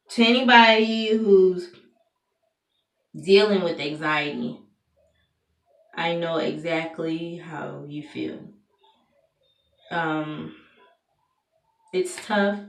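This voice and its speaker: A young woman speaks candidly in a personal vlog, pausing on fillers and restarting her sentences. Her voice sits a little low and carries the ring of a bare room. She talks from some distance away from the mic. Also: roomy sound. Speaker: vlogger.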